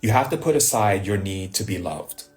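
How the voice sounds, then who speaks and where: A man's voice: deep voice, expressive, moderate pace, a little mellow. A man giving a live spiritual talk, telling personal stories with rhetorical questions and a frequent "right?". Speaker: spiritual teacher. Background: faint music.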